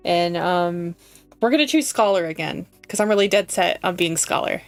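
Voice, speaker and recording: A woman streaming a story game, reacting with giggles and excitement and reading the game's text aloud. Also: lowish voice, normal speed, smooth, no room sound, faint music behind. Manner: giggly and excitable, with lots of fillers.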